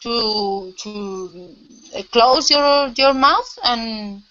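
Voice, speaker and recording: A woman's voice: fairly high pitch, drawn-out words, bright, forceful tone. A woman practicing in an online lesson, speaking hesitantly. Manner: hesitant, laughs at her own mistakes. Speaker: language student. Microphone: video call. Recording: dull lo-fi video call audio.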